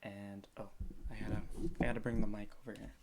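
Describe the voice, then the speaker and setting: A man's voice: on the low side, flat delivery, fast talker, a crowd in the background. A man chatting casually on a solo livestream from his room at home, rambling and correcting himself as he goes. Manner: rambling, self-correcting, jokey. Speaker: podcaster streaming live.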